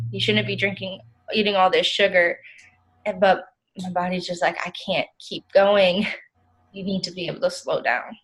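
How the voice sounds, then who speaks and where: A woman's voice: mid-range voice, fairly bright tone, natural voice, low-quality recording. A woman playing a self-critical young client, rambling. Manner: rambling, frequent "like" fillers. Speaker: client in a counseling role-play. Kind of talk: counseling role-play.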